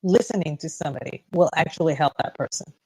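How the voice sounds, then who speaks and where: A woman's voice: sits low, fast, darkish tone, husky, no room sound, poor audio. A woman in her fifties co-hosting a casual radio chat show, talking freely and bluntly with frequent laughs, recorded in a radio studio. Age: 50s. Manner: chatty, laughs often, blunt. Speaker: radio co-host.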